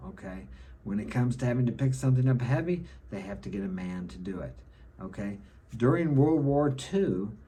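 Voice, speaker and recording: Man, middle-aged, husky, lowish voice, lecturing vlog monologue, checks in with "okay?". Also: warm tone. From United States. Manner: lecturing, frequently ending points with a checking "okay?". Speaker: self-help vlogger. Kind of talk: opinionated monologue to camera.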